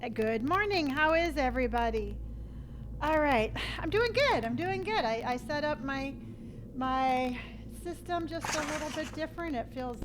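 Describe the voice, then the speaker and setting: A woman's voice: high-pitched, expressive, normal speed, background noise. A woman hosting a live stream, chatting casually and greeting viewers in an upbeat, playful, sing-song way from her home setup. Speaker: livestream host.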